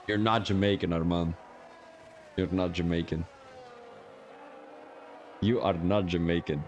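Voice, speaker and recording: A man's voice: deep voice, steady tone, measured pace, a little mellow, lo-fi sound, a little hiss or hum. Young man commentating a sim race. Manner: casual, joking, chats with viewers while commentating. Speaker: sim racing stream commentator. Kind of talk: live stream commentary.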